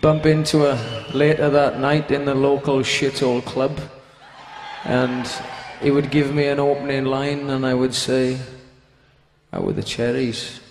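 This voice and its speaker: A man's voice: mid-range voice, level tone, measured pace, soft background music. Welsh man telling a crude story on stage. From Wales. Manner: crude, swearing, bawdy anecdote with put-on quoted voices. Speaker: band frontman. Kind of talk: comic storytelling to a concert crowd.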